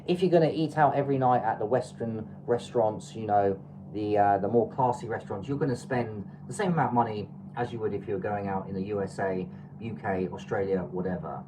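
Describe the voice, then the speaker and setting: An Englishwoman with an English accent hosts a travel livestream, speaking briskly in a very deep voice over a noisy background. Her casual chat is loose and advice-giving, with plenty of fillers.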